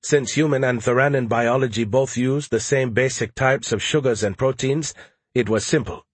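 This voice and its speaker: A man voicing a male officer explaining things in a steady, matter-of-fact way. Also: mid-range voice, moderate pace, breathy edge, dry recording, natural voice.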